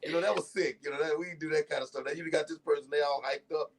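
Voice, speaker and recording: Gravelly man, playful stream host. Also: a little high, fairly even intonation, fast. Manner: loud laughing, playful banter, thanks chat viewers. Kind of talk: casual chat.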